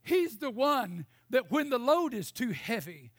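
A man preaching a sermon, passionate, moving between shouted lines and quiet storytelling. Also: very high voice, sing-song, measured pace, no room sound, studio quality.

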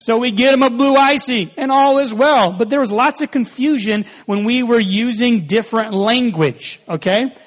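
A pastor in his forties preaches in a bright, high voice, easy and conversational. He mixes humor into his sermon and tells stories with animation. His words ring out with a long reverb through a church hall. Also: moderate pace, few pauses.

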